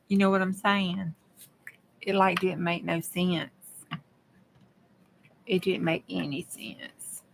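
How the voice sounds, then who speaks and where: A woman's voice: mid-range voice, fairly bright tone, slight background noise. Lady crafting and chatting w her viewers, folksy and easygoing. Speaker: craft vlogger. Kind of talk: casual chat while crafting.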